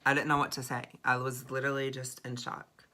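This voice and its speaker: Young guy spilling a wild story, bright sharp voice, dramatic and swearing a lot. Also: medium pitch, fairly quick. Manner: dramatic, expressive, swears freely. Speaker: vlogger. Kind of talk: storytime vlog.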